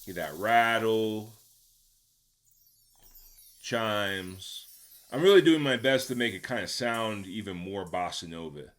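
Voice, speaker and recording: Recording a voice-over for his tutorial, a home-studio producer with a somewhat low, fairly bright voice explains casually and step by step how he produced a beat. He speaks slowly with lively intonation, pausing often, dropping a few fillers, and checking in by asking "right?".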